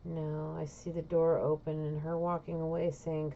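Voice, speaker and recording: A woman's voice: deep voice, level tone, normal speed, creaky, a little hiss or hum. A woman giving a casual intuitive reading, asking spirit questions aloud and answering them, blunt and swearing freely. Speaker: intuitive reader. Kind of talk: casual solo psychic reading. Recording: dull lo-fi recording.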